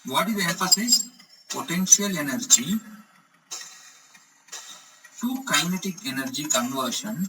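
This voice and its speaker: A man's voice: fairly high pitch, expressive, measured pace, long pauses, recorded from a distance, low-quality recording. A man teaching an electronics lesson, explaining step by step and often checking with the class. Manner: repeats "correct?" to check understanding. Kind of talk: explanatory lecture.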